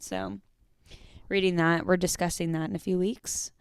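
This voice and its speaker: Young woman rambling on her solo podcast, curses a lot, smooth lowish voice, dry close sound. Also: fairly quick, dry recording. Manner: chatty, swears freely, lots of fillers. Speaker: podcast host. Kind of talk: casual solo podcast chat.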